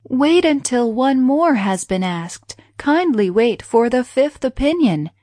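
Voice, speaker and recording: Lady voicing a scared storybook man begging for his life, pitch pushed up high, dry close sound. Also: big pitch swings, slow, dark tone, no echo, exaggerated voice. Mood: pleading. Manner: pleading, raised pitch. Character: frightened man, a pleading Brahmin.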